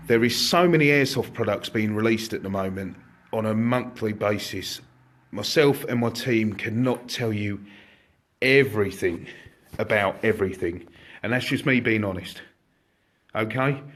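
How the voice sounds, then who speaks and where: A man, an airsoft shop owner, chatting casually and excitably to viewers on a live stream from inside his shop. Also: medium pitch. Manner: chatty, excitable, jokey, addresses viewers directly.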